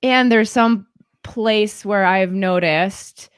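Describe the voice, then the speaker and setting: A woman's voice: mid-range voice, slow pace, clear, resonant tone, dry recording, clean studio sound. A woman coach in casual podcast conversation, reflective and explaining her approach.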